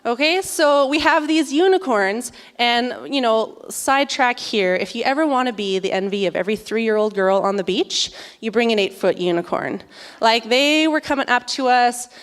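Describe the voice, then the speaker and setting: Woman, 30s, church speaker, slightly high voice, animated storyteller, echo of a large hall. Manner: animated, chatty storytelling with many "like"s. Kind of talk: storytelling sermon. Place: church sanctuary. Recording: long hall reverb.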